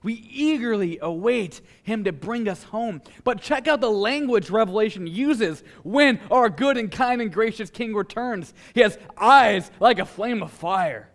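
A male pastor preaching a sermon with dramatic pauses, swinging from a hushed delivery to a forceful one. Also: sits high.

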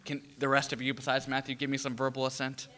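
A man preaching a sermon, animated, asking the audience questions and acting out voices. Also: medium pitch, fast, a little hiss or hum.

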